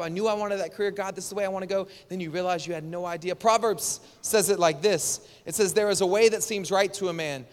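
A man's voice: high-pitched, long reverb tail. A man preaching a sermon as a pastor, telling stories with energy and calling the congregation to respond. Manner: animated storytelling, congregation call-and-response.

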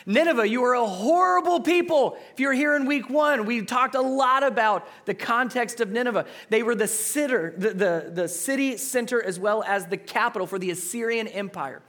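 A man preaching a sermon with a fairly high voice. He is expressive and acts out the quotes he reads. He swings from near-shouting to a hush. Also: normal speed, hardly any pauses. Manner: expressive, acts out quotes, shifts between loud and hushed. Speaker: pastor.

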